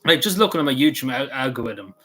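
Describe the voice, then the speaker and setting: This Irish vlogger, who has a Cavan accent, talks loosely to his livestream audience, restarting often and using many fillers. His mid-range voice is bright and forceful, with lively intonation and a fast delivery, and soft music plays in the background.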